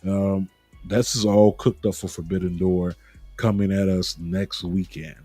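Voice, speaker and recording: A man's voice: deep voice, little pitch movement, a little slow, warm tone, breathy edge, no echo, soft background music. A man hosting a casual wrestling talk show, joking and laughing at his own stumbles over names. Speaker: podcast host.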